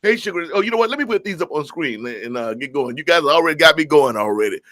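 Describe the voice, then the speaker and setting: Bright-voiced joking male stream host. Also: fairly high pitch, lively intonation, quick pace, dry recording. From California. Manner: joking, folksy, greets viewers by name. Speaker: host of a live music stream. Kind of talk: casual live-stream chat reading viewer comments.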